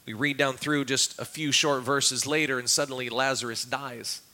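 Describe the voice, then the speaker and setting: A man's voice: mid-range voice, fairly even intonation, normal speed, pushed and bright. A man preaching a sermon as pastor, acting out quoted cries with a raised, dramatic voice. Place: church.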